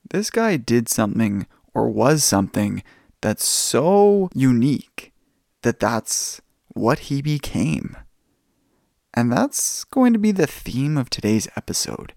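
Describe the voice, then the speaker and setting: A man hosting a podcast and telling stories in a relaxed, casual way. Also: mid-range voice, vocal fry, dry recording. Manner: relaxed storytelling. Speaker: podcast host.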